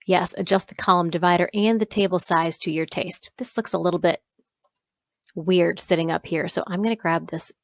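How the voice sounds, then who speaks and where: A woman instructor talking through a software exercise step by step, pausing to correct herself along the way. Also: on the low side, steady tone, no echo. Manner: step-by-step, self-correcting with small asides. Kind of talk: screen-recorded software walkthrough.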